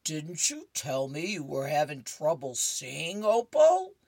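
A woman's voice: deep voice, sing-song, slow, creaky, darkish tone, dry recording, studio quality, exaggerated voice. A woman voicing an exasperated older husband from a comic strip, raising her voice on his lines.

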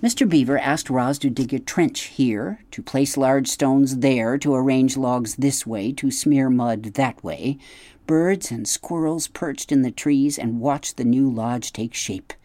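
A narrator reading a children's story aloud in a gentle, steady storytelling manner. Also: medium pitch, a little slow, no echo. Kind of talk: audiobook narration.

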